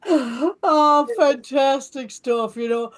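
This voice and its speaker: A woman's voice: sits high, extremely slow. A woman hosting an interview, speaking earnestly with many affirmations; she says she trained as a counsellor. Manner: warm, earnest, frequent affirmations and restarts. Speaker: podcast host and counsellor. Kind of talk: casual interview chat.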